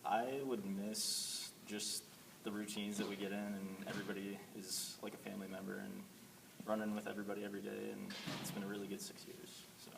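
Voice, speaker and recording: A teenage boy, a high school runner, answering in a halting casual way. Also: level tone, vocal fry. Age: late teens. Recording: distant mic, noisy background.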